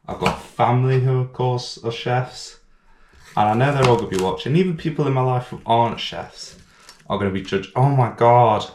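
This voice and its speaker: A man talks his way through a home cooking vlog. He rambles, mocks himself and swears freely, in a mid-range voice. The kitchen is echoey, and pots and cutlery clatter loudly in the background. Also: mid-range voice, moderate pace, slight background noise. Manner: rambling, self-mocking, swears a lot. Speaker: cooking channel host.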